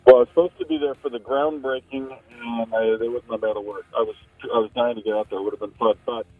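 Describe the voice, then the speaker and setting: A man's voice: medium pitch, fairly even intonation, quick pace, no room sound, faint music behind. A man calling in as a radio show guest, chatting casually with wry, dry humor over a phone line. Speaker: guest, sports broadcaster.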